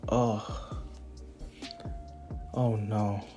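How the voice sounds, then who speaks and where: A frightened mother speaking slowly and softly, dropping almost to a whisper, as a man plays her. The voice sits lower and quieter than the teller's usual talk. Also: level tone, soft background music. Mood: worried. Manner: slow, hushed, half-whispered. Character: worried soft-spoken mother, hushed.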